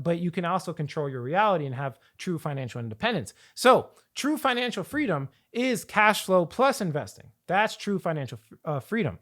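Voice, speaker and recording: A man coaching viewers on finance in an energetic, rambling talk to camera, often repeating and restarting his phrases. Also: on the high side. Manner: energetic, rambling, hype-building. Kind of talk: hyped talk to camera with slides.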